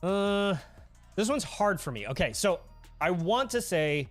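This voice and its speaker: A man's voice: high voice, unhurried, dry recording, faint music behind. A man hosting a casual livestream, chatting goofily with viewers and laughing often. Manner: goofy, animated, reads chat aloud and laughs often. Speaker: livestream host.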